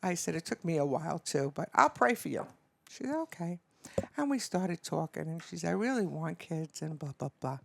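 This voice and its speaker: An older woman, a grandmother, chatting as a podcast guest and telling stories with lively acted-out dialogue. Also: low voice, brisk, vocal fry, a little hiss or hum. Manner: animated storyteller acting out both sides of conversations. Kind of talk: casual chat and storytelling.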